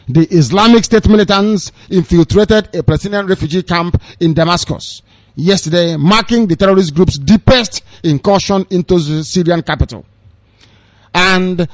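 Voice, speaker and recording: A man's voice: on the high side, dry recording. A man with a Nigerian accent giving fiery, sarcastic political commentary on the radio, scolding his listeners. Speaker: radio broadcaster. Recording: dull lo-fi dry radio recording.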